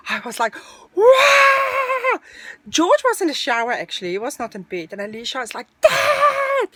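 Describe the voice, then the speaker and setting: A middle-aged woman telling a personal story in a casual, animated storytelling way. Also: mid-range voice. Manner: animated, breathless storytelling, dramatic retelling.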